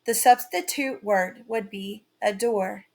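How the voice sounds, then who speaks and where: A woman with a mid-range voice teaches a writing lesson, reading from a script slowly and carefully.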